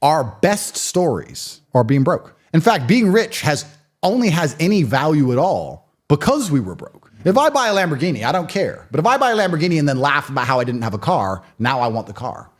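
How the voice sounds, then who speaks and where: A man in his late thirties speaking in a casual interview, telling stories in an emphatic, animated way. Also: on the high side, fairly quick. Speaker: guest.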